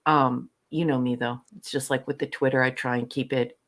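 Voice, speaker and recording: A woman's voice: very deep voice, fairly even intonation, a little fast. Playful, affectionate woman reading the chat. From western Canada. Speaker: co-host of a live fan show. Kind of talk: casual live-stream chat.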